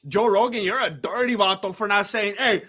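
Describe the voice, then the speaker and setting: A man hosting a live fight watch-along, firing excited, incredulous questions at his chat. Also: sits high, slightly rough, soft background music. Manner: talks to the chat with rapid questions. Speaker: livestream host reacting to fights.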